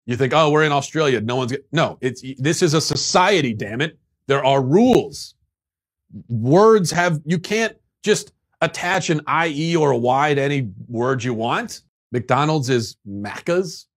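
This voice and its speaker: A man's voice: fairly high pitch, animated, unhurried. A man giving opinion commentary in a lecturing, indignant way.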